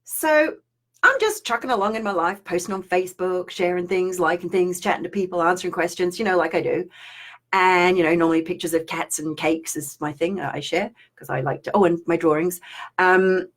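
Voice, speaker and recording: A woman's voice: lowish voice, fairly quick. Woman spiritual teacher, rambling live-stream chat with viewers. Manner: chatty and rambling, reads viewer comments aloud.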